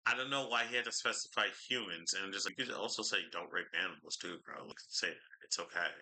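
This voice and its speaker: A man's voice: low voice, fast talker, bright, forceful tone. A man ranting through a reaction commentary, exasperated and swearing heavily as he picks apart what he reads. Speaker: reaction streamer.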